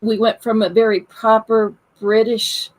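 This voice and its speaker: A woman's voice: fairly high pitch, level tone, unhurried, rough recording. Chatty Southern American woman co-host. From Southern United States. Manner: chatty, laughs easily. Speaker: paranormal investigator and co-host. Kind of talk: casual group chat.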